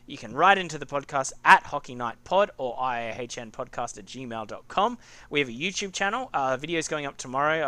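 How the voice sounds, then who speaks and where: Lively, bright-voiced podcast co-host man. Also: fairly high pitch, no echo. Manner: animated, laughing, rambling. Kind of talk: casual chat.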